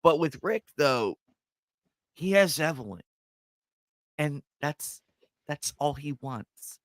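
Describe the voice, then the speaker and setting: A man's voice: on the high side, animated, slow, dry recording. A man chatting casually about films in a loose, rambling way, swearing freely as he goes. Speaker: co-host of a movie reaction channel.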